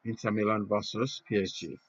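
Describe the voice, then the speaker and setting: A man reacting live to a football match, swinging between loud cheers and hushed, moved awe. His voice is husky and low, and the recording sounds muffled and lo-fi. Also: fairly even intonation, brisk, no room sound. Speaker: football watch-along host.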